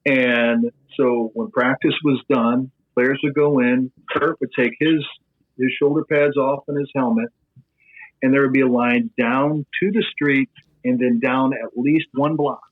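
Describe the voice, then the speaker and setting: A middle-aged man with a Midwestern American accent, a sports broadcaster telling an animated anecdote on a podcast, tossing in fillers as he goes. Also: medium pitch, measured pace. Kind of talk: podcast storytelling. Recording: tinny phone-like line.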